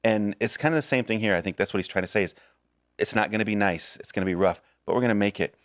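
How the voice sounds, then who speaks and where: Deep-ish guy on a podcast, earnest and reassuring, cracks jokes, dry close mic. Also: fast, no echo. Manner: earnest, reassuring, jokey asides. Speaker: podcast co-host. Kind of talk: casual chat.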